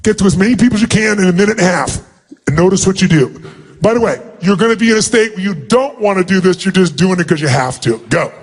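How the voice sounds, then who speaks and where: A man with a high-pitched, breathy voice speaks quickly as he leads an audience exercise at a live motivational seminar in a large hall. He is commanding and energetic, calling out instructions to thousands of people.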